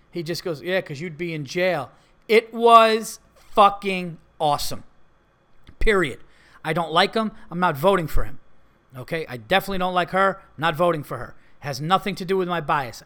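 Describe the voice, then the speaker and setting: A man delivers a profane, emphatic podcast rant. His voice is bright and forceful and sits a little high for a man. He hammers his points home and keeps swearing for emphasis. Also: moderate pace. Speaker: podcast host. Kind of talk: ranting comedy podcast monologue.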